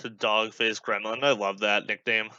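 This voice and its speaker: A man's voice: fairly low pitch, little pitch movement, normal speed, bright, forceful tone, clean tone, no room sound, highs cut off. A young man hosting a podcast, rambling casually through a watch-along with lots of filler words. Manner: rambling, many fillers, chatty asides. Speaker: podcast host.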